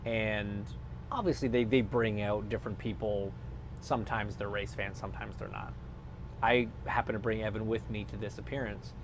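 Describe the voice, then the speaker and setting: A man in his thirties, a former race driver turned analyst, telling stories in a lively, casual interview chat. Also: on the low side, normal speed, noisy background. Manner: animated storyteller who acts out quotes.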